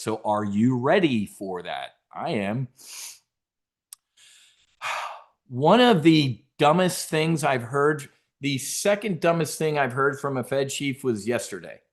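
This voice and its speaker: A man's voice: mid-range voice, expressive, unhurried. A middle-aged man hosting a trading show, giving brash, profane market commentary and mocking the people he quotes.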